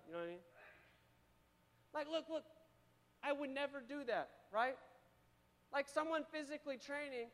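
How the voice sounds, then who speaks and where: High-voiced preacher in a reverberant hall. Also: male voice, moderate pace, long pauses. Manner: energetic, calls on the congregation to repeat. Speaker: pastor. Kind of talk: sermon. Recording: long reverb of a church hall.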